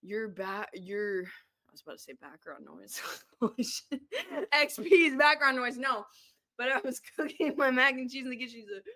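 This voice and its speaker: Bright-voiced woman retelling a story. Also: on the high side. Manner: halting, laughs while retelling, repeats phrases. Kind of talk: casual group chat.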